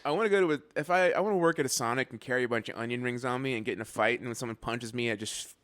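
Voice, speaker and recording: A man guesting on a podcast in casual comedic chat, tossing out deadpan, absurd one-liners. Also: medium pitch, very fast, smooth, no echo.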